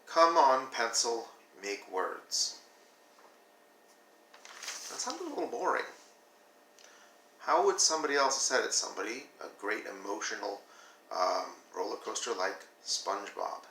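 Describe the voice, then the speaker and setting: Brief: male teacher, bright gravelly tone, lively demos, roomy distant sound with faint hiss. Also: medium pitch, measured pace, pauses often. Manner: animated, demonstrates flat versus expressive reading. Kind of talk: classroom video lesson.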